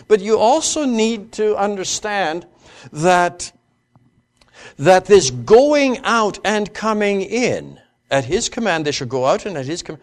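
A man lectures a class on scripture in a fairly high voice, unhurried and deliberate. He stumbles through fillers and restarts, then leans hard on each quoted verse as he reads it out slowly. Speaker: Bible lecturer.

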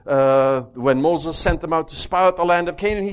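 A man's voice: a little high, normal speed, few pauses, clear, resonant tone. A man teaching a Bible study, reading scripture aloud and putting questions to his listeners. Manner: lively, asks the class questions, reads scripture aloud.

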